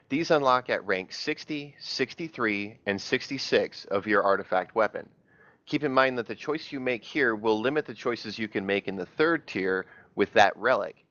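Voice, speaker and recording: A man presenting a scripted gaming tips segment on a podcast, with a steady read-aloud delivery. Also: on the low side, no room sound. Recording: dull, dry lo-fi recording.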